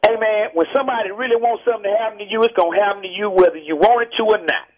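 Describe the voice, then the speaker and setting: A man's voice: high voice, rapid-fire. Texan man ranting on a phone line. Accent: Texan Southern US. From Texas. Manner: emphatic, preachy, keeps repeating "man". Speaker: phone-in guest, rapper. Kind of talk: heated call-in radio interview. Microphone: telephone.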